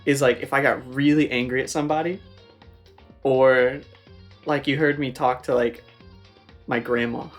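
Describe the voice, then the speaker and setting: A man's voice: medium pitch, fairly even intonation, normal speed, pauses often, faint music behind. A young man from the American South, co-hosting a game playthrough in rambling casual chat and laughing often. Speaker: co-host. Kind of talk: casual let's-play chat.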